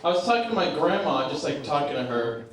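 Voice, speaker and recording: A young man performs stand-up in a small club, his slightly high voice picked up from a distance in a very echoey room. He talks in a halting, self-deprecating way, full of fillers. Audience laughter rolls in behind him. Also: big pitch swings. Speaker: stand-up comedian. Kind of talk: stand-up comedy set. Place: small comedy club stage.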